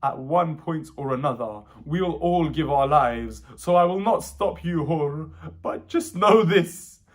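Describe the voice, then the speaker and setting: A man voicing a gentle, humble imam speaking with sorrow in a mourning recitation. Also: fairly high pitch, expressive, measured pace. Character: gentle, humble male imam leading his companions.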